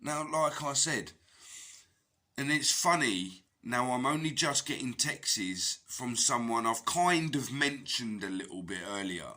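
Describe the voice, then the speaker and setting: A man's voice: medium pitch, lively intonation, unhurried, bright, forceful tone. A man, a tarot reader, talking in a rambling personal monologue, raw and heavily profane with emotional outbursts.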